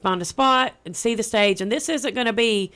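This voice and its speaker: A young woman, chatting as a guest on a radio show about an event she is organizing, bubbly and quick to repeat herself. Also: on the high side, fairly bright tone. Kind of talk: casual radio interview.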